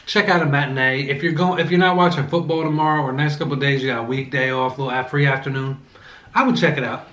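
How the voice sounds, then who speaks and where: A man's voice: mid-range voice, fairly even intonation, fast, fairly bright tone. A man vlogging a casual movie review while eating, rambling with many fillers and self-corrections. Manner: eating between remarks. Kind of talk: casual chat. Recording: echoey room.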